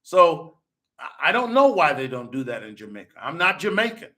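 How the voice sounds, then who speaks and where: Bright-voiced man lecturing his audience. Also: a little high, big pitch swings, moderate pace. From United States. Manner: lecturing, rhetorical, repeats himself and says okay often. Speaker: podcast host. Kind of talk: solo commentary answering viewer comments.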